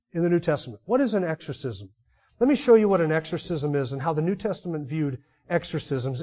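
High-voiced preacher asking rhetorical questions. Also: male voice, a little mellow. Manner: emphatic, asks the audience many rhetorical questions. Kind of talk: expository sermon. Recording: dull lo-fi sermon recording.

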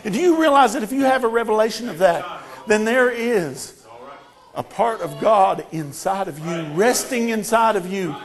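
A man with a notably high voice delivers a sermon. He swings from hushed storytelling to fervent, repeated declarations. His delivery builds to shouts. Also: animated, normal speed. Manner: impassioned, building to shouted repetitions. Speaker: preacher.

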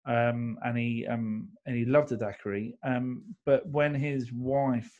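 A man's voice: mid-range voice, fairly even intonation, measured pace, darkish tone, dull audio. A man, co-hosting a casual chat and rambling through history with fillers and jokes. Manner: rambling, jokey storytelling with many fillers. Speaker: co-host.

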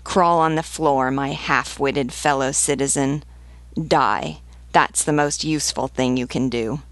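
A woman's voice: a bass voice, steady tone, measured pace, dry recording. A woman reading the lines of a brash, mocking wounded soldier in a taunting, scornful manner.

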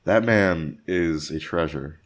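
A man co-hosting a podcast, dropping wry, deadpan quips in casual chat. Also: low-pitched, slow pace. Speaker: podcast co-host.

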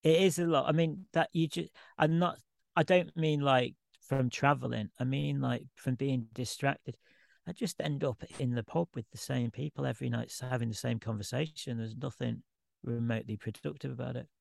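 A man's voice: mid-range voice, steady tone, normal speed, vocal fry, no echo, studio quality. A man who is a guest artist, talking candidly and at length in an informal podcast conversation. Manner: candid, rambling, self-deprecating.

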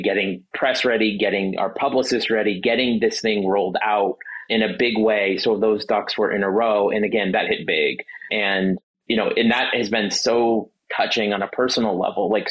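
A man, a trial attorney, talking casually as a podcast guest in an emotional, halting way, full of restarts and fillers. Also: lowish voice, muffled recording. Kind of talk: casual interview talk.

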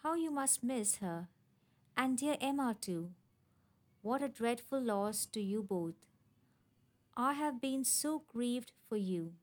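Woman reading as a soft-hearted young wife. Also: a little high, animated, takes it slowly, long pauses. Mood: sympathetic. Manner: plaintive, sympathetic. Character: sympathetic young married daughter, soft-hearted.

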